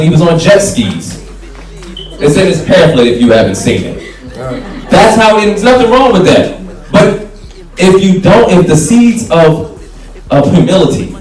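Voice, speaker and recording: A man's voice: on the high side, darkish tone. Fiery man, from far off. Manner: fiery, plain-spoken, rallying a crowd. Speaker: city council candidate. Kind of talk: campaign speech at a meet and greet. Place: community hall meet and greet. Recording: echoey room, speaker from far off, music faint behind.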